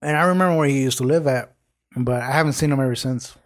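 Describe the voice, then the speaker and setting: A man's voice: medium pitch, fast talker. A man in his late twenties hosting a podcast, telling a story in casual street slang with lots of swearing. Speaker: podcast host.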